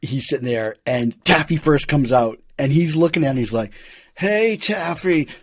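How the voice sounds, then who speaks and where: Animated male podcast host, dry sound. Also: medium pitch, fairly quick, no room sound. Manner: animated storyteller who acts out quotes and laughs often. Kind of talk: casual chat.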